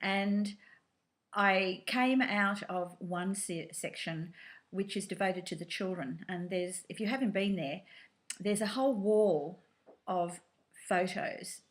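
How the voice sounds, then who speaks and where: A woman recounts a personal memory in an interview, quiet and reflective. She pauses often, with fillers and small restarts. Her pitch sits in an ordinary middle range. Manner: reflective, soft-spoken, hesitant with fillers. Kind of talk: personal storytelling.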